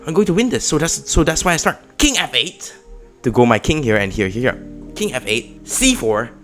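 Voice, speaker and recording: A man giving casual, excitable commentary on his own chess game, with sudden loud outbursts. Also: mid-range voice, moderate pace, soft background music. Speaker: chess vlogger.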